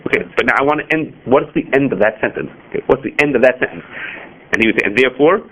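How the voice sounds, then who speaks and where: A man teaching a class on Jewish law, animated and rhetorical, often asking questions and answering them himself. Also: mid-range voice, racing, lo-fi sound. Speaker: Torah teacher. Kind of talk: halacha class.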